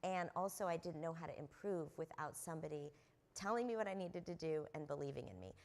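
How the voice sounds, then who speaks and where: A middle-aged woman speaks from a convention stage in a low voice with a gravelly edge of fry. She tells anecdotes earnestly, dotting her sentences with ums and uhs. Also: lively intonation, fairly quick. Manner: earnest anecdotal storyteller with frequent fillers. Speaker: panelist. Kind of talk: conference panel storytelling.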